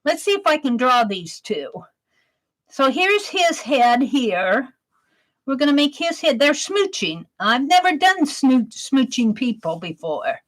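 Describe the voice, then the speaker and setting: Slow-talking woman sketching on a live stream. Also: sits high, very animated, low-quality recording. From Wisconsin. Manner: chatty, reads chat aloud while sketching. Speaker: art streamer. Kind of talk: live-stream art chat.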